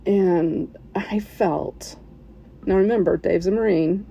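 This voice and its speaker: A woman telling a personal story as a podcast listener, in an emotional, halting way with soft laughs. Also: medium pitch, husky, lo-fi sound.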